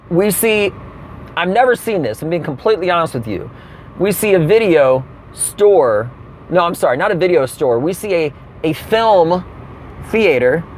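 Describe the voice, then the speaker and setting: A man's voice: high voice, a little hiss or hum. A man telling a comic rant story, acting out the people he quotes. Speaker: comedian. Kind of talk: comedic rant monologue.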